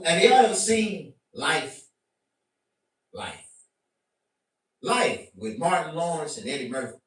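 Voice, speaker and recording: A man doing a profane stand-up rant to his stream, animated and bursting into shouts. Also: high-pitched. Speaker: comedian. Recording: very echoey room, mic at a distance.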